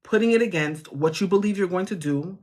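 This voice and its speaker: A woman's voice: lowish voice, fairly quick, darkish tone. A woman hosting a live chat about grant funding, talking casually and reassuringly to viewers, often laughing and restarting her sentences.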